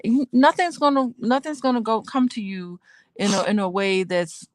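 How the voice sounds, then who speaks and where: A woman's voice: on the high side, steady tone, normal speed, no room sound, clean studio sound. A woman co-hosting a casual podcast chat, from the United States, talking emphatically and laughing often. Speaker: co-host.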